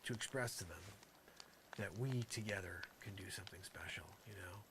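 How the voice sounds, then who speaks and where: A man's voice: low voice, moderate pace, background noise. A man hosting a live show, delivering an improvised comedy monologue in a rambling, mock-aggrieved way, full of "you know".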